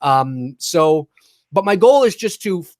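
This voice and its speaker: Chatty, animated man with a dry sound. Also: on the high side, slow, dry recording. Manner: rambling, animated, restarts, swears casually. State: talking with a lozenge in his mouth. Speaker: podcast co-host. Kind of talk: casual live-stream chat.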